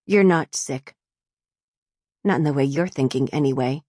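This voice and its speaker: A woman's voice: a bass voice, normal speed, mellow, breathy edge, no room sound, studio quality. A woman voicing a cold, clipped ship's doctor. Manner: clipped and rigid. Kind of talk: audiobook character voice.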